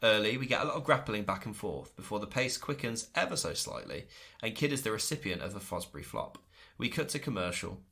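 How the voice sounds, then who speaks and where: A man's voice: lowish voice, sing-song, fairly quick, gravelly, sharp tone. A man co-hosting a podcast, recapping in casual chat, enthusiastic and laughing often. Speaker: podcast co-host.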